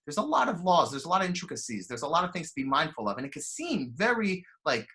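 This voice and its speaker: A young man giving a storytelling sermon as a rabbi, animated and chatty, acting out voices and using lots of fillers. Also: a little high, fast talker, few pauses. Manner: animated, acts out quoted voices, frequent fillers. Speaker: rabbi giving a weekly Torah talk.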